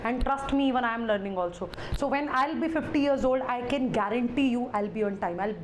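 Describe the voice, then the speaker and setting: A woman's voice: a little high, a little fast, background noise. A woman teacher with an Indian English accent, chatting playfully with students during a live online class and mixing Hindi into her English.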